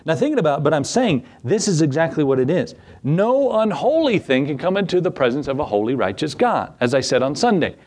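A man's voice: fairly high pitch, big pitch swings, brisk, few pauses, darkish tone. Folksy man teaching the Bible. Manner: folksy, asks the listeners rhetorical questions. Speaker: pastor.

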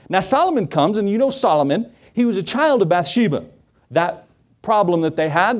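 A middle-aged pastor preaches in a lively, folksy way, his pitch swinging up and down as he acts out quotes. His voice sits a little on the high side for a man. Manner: animated storytelling with acted-out quotes; folksy, addresses the congregation directly. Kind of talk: sermon.

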